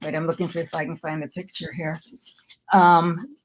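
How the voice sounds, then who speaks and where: A woman's voice: deep voice, flat delivery, moderate pace. An older woman from Milwaukee, a comedy writer, telling wry, self-deprecating anecdotes in a casual interview. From Milwaukee, USA.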